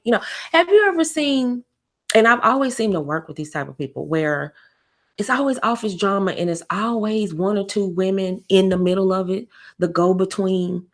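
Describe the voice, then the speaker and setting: Animated woman host giving relationship advice. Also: moderate pace. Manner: animated, mimics others in high mocking voice; conversational with frequent fillers and repetition. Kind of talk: casual livestream talk.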